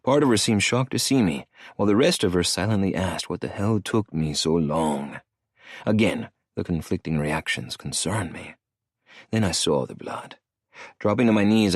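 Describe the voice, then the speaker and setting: Deep, expressive male audiobook narrator. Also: moderate pace, dry recording, studio quality. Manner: expressive, dramatic delivery. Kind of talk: scripted first-person narration.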